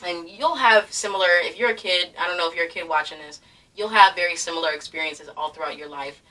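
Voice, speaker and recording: Slightly distant from the mic, a young commentary vlogger rants fast in a bright, forceful, lowish voice. She's worked up, swears, and fills the commentary with fillers and bursts of laughter.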